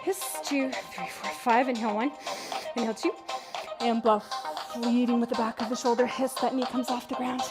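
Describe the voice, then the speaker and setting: A woman fitness instructor guiding a workout, counting reps and calling breath cues in a steady rhythm. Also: a little high, moderate pace. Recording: music playing behind the voice. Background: workout music.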